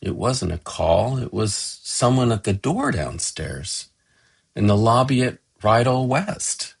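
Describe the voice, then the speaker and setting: Slow, gravelly middle-aged man telling a story. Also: on the low side, big pitch swings. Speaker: son telling a family story. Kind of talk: storytelling tribute narration.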